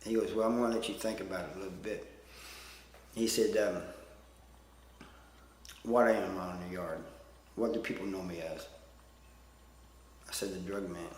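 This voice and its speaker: A man's voice: low voice, steady tone, normal speed, pauses often, a little mellow, echoey room, big-room sound, slight background noise. A man telling stories in a casual, rambling way, plain-spoken and self-deprecating, with lots of "you know" fillers. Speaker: storyteller. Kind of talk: casual storytelling.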